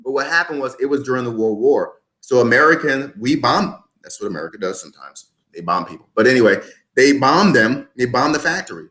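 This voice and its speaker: A man's voice: medium pitch, expressive, a little fast, sharp tone. A man in his twenties, a podcast guest, talking emphatically and repeating his points like a motivational speaker. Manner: emphatic, repetitive motivational talk. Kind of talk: podcast interview.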